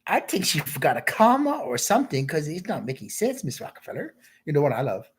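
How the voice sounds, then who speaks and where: A man's voice: on the high side, wildly swooping pitch, brisk, breathy edge. A man talking in a rambling solo monologue, drifting from thought to thought and calling the listener "man.".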